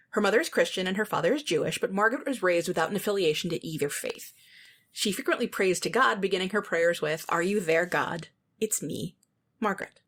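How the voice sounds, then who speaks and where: A woman co-hosting a podcast, summarizing a film's plot and adding dry, wry remarks in casual chat. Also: medium pitch. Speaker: podcast co-host. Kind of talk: casual film review chat.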